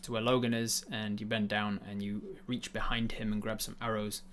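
A man narrating a tabletop game as game master, halting and full of uhs and ums. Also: fairly low pitch, little pitch movement, a bit bright, slight background noise.

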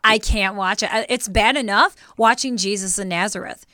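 An animated woman talks through a casual faith podcast, close to tears. Her voice is bright and clear, and the recording is dry and close. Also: medium pitch, moderate pace, no echo. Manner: emotional, animated storytelling. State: teary. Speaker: podcast co-host.

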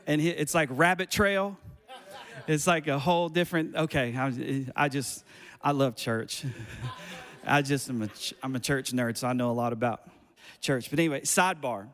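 A man's voice: medium pitch, moderate pace, fairly bright tone, long reverb tail. A man preaching as pastor, passionate, with rising emphasis and repeated phrases, speaking in a church sanctuary. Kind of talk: sermon.

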